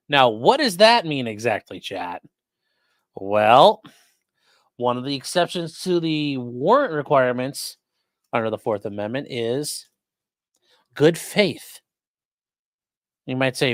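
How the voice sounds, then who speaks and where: A man's voice: medium pitch, very animated, unhurried, pauses often, dry recording. A man casually commenting on court cases for a livestream chat, sarcastic and blunt, with the odd curse. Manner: sarcastic, talks straight to chat, swears. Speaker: streamer discussing court cases.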